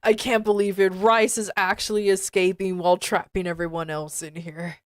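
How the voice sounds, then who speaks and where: Her voice sits on the low side with little pitch movement and a moderate pace, recorded in studio quality without echo. During a live stream, this woman reads a text aloud and reacts with exasperated, disbelieving rants, swearing and saying things over again.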